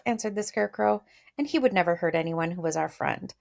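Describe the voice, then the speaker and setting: Lady teacher reading a story out loud and explaining words, chatty, a bit of gravel in her voice. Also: lowish voice, fairly quick. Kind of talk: read-aloud lesson with commentary.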